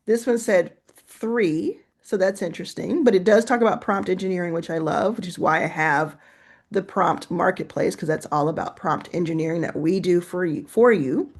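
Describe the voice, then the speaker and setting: A woman's voice: fairly low pitch, normal speed. A woman hosting a casual screen-share tutorial, chatting and reacting as she goes, laughing to herself while she types and reads aloud. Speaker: host.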